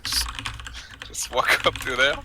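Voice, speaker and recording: A man's voice: unhurried, very noisy. A young man playing in a tabletop game, talking casually and flippantly with jokes. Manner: flippant, joking. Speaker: player. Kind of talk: casual in-character game chat.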